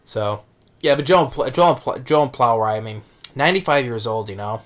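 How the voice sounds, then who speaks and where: A man talking casually as a movie reviewer, halting with many restarts and fillers. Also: medium pitch, lively intonation. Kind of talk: casual vlog talk.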